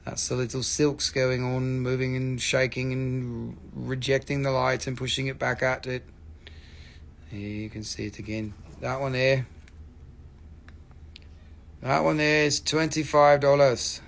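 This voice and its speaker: A man hosting a live stream where he sells stones, showing pieces, repeating prices and answering chat in an excitable, casual way. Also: medium pitch, a little slow, creaky.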